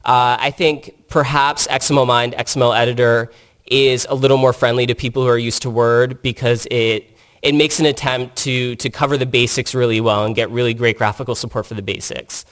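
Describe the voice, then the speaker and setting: A man's voice: mid-range voice, steady tone, brisk, a bit bright. Guy giving a tech talk at a conference, earnest, explains stuff, lots of uh and restarts. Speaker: conference presenter. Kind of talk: technical conference presentation. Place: conference room.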